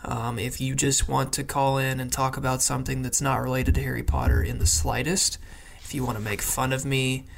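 Gravelly male podcast co-host. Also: medium pitch, flat delivery, a little fast, few pauses. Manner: loose and joking, with many fillers. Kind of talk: casual podcast chat.

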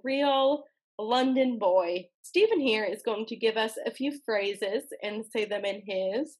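Breathy, laughing American woman co-host. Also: fairly high pitch, slow. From United States. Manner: lively, jokey, laughs often. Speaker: podcast co-host. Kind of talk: casual podcast chat.

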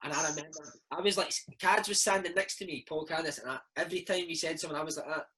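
Here the Scottish ex-footballer in his thirties speaks quickly in a slightly high, slightly rough voice, and the audio quality is poor. He's still in a relaxed interview, spinning lively stories and addressing the listener as "mate" and "man."

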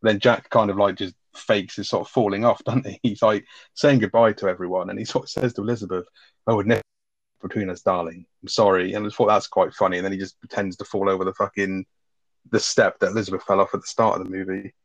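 A man with a fast, casual and sweary way of talking, reviewing a film with a co-host. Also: fairly low pitch, steady tone, dry recording, highs cut off. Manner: swears freely, retells scenes with quoted lines. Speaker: podcast co-host.

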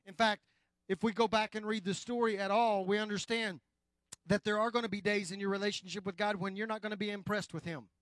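A male pastor with a high, steady voice preaches a sermon straight to his congregation. He swings between loud emphasis and quiet, slow lines, and the recording has no echo.

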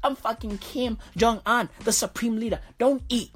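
A woman's voice: fairly high pitch, soft background music, lightly acted. A woman voicing a smug, greedy male dictator who mockingly teases his hungry people. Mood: smug taunting. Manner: taunting, drawn-out, teasing.

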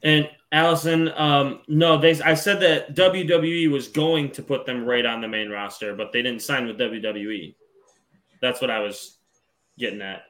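Man co-hosting a podcast, relaxed rambling chat, lots of ums, mid-pitched voice. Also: normal speed. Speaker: podcast co-host. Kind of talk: casual wrestling podcast chat.

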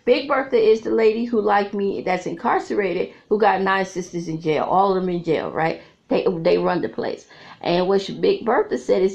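A woman's voice: medium pitch, moderate pace, gravelly, darkish tone. A middle-aged woman, a vlogger and author, talking frankly and casually to her viewers and laughing often as she tells her stories. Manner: frank, chatty storyteller who laughs often. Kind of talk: candid casual monologue to viewers. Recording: slightly dull lo-fi audio.

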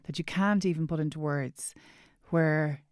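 A woman hosting a podcast, speaking gently and with empathy, reflecting on her guest's story. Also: sits low, a little slow, no room sound, clean studio sound. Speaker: podcast host. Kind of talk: interview conversation.

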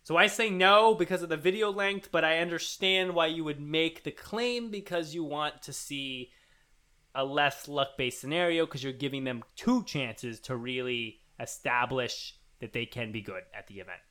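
A man with a bright, forward voice that sits a little high talks casually as a podcast co-host. He thinks out loud, restarting sentences and padding them with ums and likes. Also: moderate pace. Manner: rambling, thinks aloud with fillers and restarts. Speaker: podcast co-host reading listener emails. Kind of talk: casual chat.

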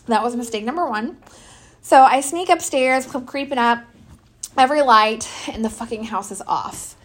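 A woman's voice: fairly high pitch, fairly bright tone. A middle-aged woman telling brash, profane stories about her kids in casual chat. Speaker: podcast host. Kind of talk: casual storytelling.

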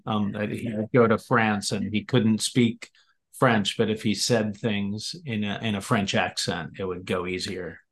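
A man's voice: lowish voice, fairly even intonation, measured pace. A man guesting on a podcast, telling anecdotes in an easygoing, casual way. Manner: easygoing storyteller. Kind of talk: casual chat.

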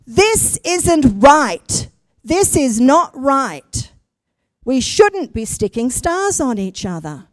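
A woman's voice: a little high, sing-song, measured pace, hardly any pauses, a little mellow, no room sound, studio quality. Woman doing an anxious little wooden puppet boy. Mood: upset. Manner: unsure, pleading, breathless questions.

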